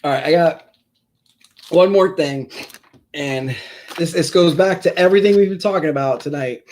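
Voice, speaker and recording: Rambling high-voiced sports card streamer. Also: male voice, moderate pace, a little mellow. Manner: rambling, self-deprecating, talks to chat viewers by name. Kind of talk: casual rambling live-stream chat.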